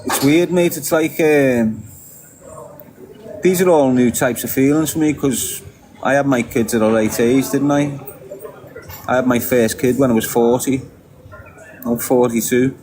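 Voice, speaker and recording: A man's voice: medium pitch, fairly even intonation, moderate pace, pauses often, a little mellow, slight background noise, poor audio. A middle-aged man with a Liverpool accent talking bluntly and candidly to his viewers, swearing freely as he answers their questions. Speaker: channel host answering viewers. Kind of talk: candid casual monologue.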